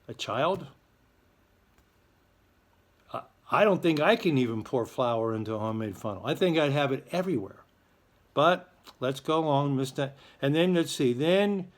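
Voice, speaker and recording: Chatty man hosting school announcements. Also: mid-range voice. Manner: chatty, joking, self-deprecating. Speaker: school morning show host. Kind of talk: casual school morning announcements.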